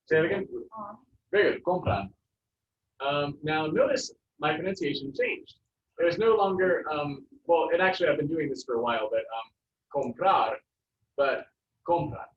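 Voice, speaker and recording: A man teaching a Spanish class, relaxed and jokey, with many fillers. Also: fairly high pitch, moderate pace. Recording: roomy, distant, muffled classroom sound.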